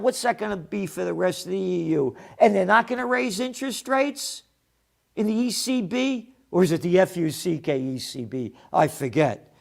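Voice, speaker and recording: A man hosts his own commentary show and tears into the day's headlines. His voice sits a little high, and his tone is blunt and mocking. He swears freely when he gets heated. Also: vocal fry. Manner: blunt, profane and sarcastic, with heated outbursts. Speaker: host of a trends commentary show. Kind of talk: opinionated news commentary.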